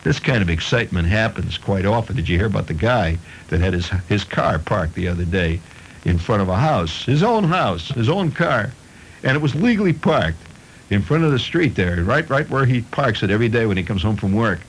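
A man's voice: fairly low pitch, lively intonation, moderate pace, slight background noise, low-quality recording. A middle-aged man hosting a radio show, reading odd news stories aloud and spinning them into playful comic tales. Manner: playful storytelling with chuckles. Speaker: radio host.

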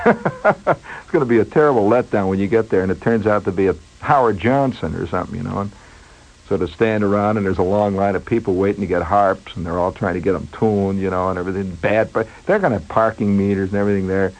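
A man with a husky, fairly low voice spins a rambling, digressive yarn. His tone is wry and he chuckles between asides. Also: a little mellow, rough recording. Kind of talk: rambling storytelling monologue.

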